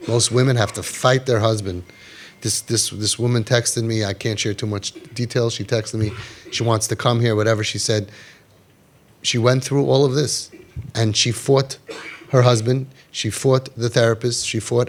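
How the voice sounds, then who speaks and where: A man speaking to an audience about parenting, talking emphatically, repeating phrases, dropping low for stress and mixing in Yiddish and Hebrew words. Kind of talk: impassioned talk to an audience.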